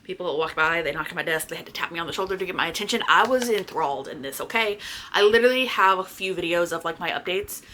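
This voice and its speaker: A woman with a bright, sharp-edged voice talks to camera in a loose, chatty book-review style. She gushes, swears casually and keeps calling her viewers y'all, with a faint hum of the room behind her. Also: on the low side, lively intonation, fast talker. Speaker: book vlogger.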